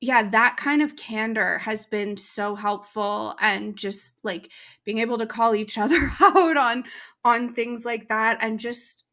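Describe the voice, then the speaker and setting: Bright, open young woman guest. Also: a little high, a little slow. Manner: emotional, open, heavy use of "like". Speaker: podcast guest. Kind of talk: candid conversational interview.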